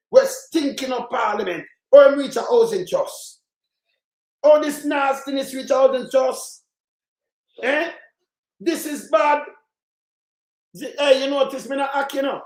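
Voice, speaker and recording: This heated political rant comes from a Jamaican-accented man hosting his channel, his extremely high voice moving at a measured pace with long pauses. He rambles angrily in patois-tinged speech, cursing frequently, and the recording echoes as if in a large room.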